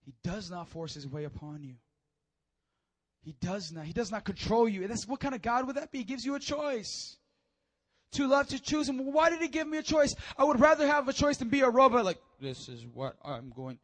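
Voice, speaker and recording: A man preaching a sermon, telling stories with animated energy and stammered repeats. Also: very high-pitched, brisk.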